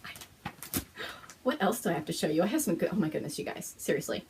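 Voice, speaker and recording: A woman hosting a knitting podcast, showing things on camera in a gushing, excited chat, with frequent gasps and whispered exclamations. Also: lowish voice, fast talker, slight background noise. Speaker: host of a knitting and fiber podcast. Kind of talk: excited casual show-and-tell chat.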